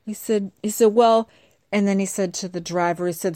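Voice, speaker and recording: A woman's voice: medium pitch, steady tone, normal speed, mellow, dry recording, clean studio sound. A middle-aged woman hosting a podcast, chatting casually and telling a story with acted-out quotes. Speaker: podcast host. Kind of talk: casual monologue.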